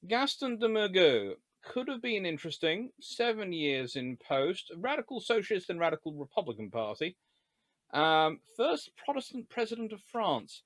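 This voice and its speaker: A man giving a live-streamed history lecture. He talks in an animated, joking way and often wanders into digressions. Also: sits high, moderate pace, no room sound. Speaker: history lecturer and channel host.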